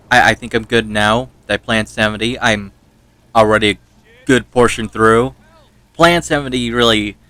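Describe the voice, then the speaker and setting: Bright-voiced man chatting over gameplay. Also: fairly low pitch, clear, resonant tone, no echo. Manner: rambling storyteller who laughs and swears. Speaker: gaming YouTuber. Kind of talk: casual let's-play commentary.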